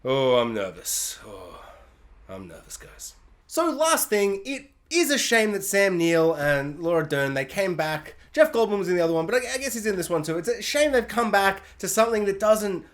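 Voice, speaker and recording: Excitable high-voiced man ranting. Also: brisk, hardly any pauses. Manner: rambling, excitable, self-interrupting, slips into silly character voices. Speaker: film reviewer. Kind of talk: casual video review.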